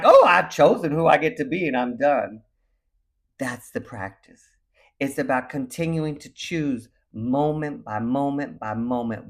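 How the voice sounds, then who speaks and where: A man giving a motivational message. He talks in an animated, emphatic way, repeats his key phrases and acts out quoted voices. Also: fairly high pitch. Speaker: motivational speaker.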